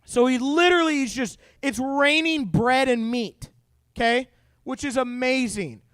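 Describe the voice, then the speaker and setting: A man's voice: extremely high pitch, a little slow, smooth, no echo. A young man giving a jokey youth sermon, telling funny stories to teenagers. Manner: jokey, animated storytelling to teens. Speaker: youth pastor.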